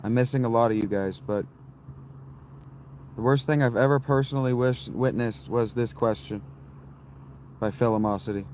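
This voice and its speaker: A man in his thirties, live streaming from a campsite and answering his chat with blunt, dismissive, quick replies. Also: medium pitch, a little mellow, slight background noise. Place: outdoors at a campsite.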